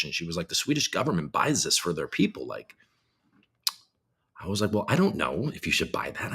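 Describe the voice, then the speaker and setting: A man's voice: low voice, a bit bright. A man hosting a casual live stream, reading headlines aloud and reacting with profane, rambling commentary. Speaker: crypto show host.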